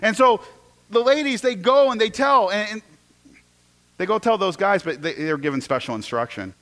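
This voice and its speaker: Animated preacher with a high-ish voice. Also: male voice, normal speed. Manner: storytelling, swings from loud excitement to hushed asides, repeats words. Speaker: pastor. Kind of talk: sermon.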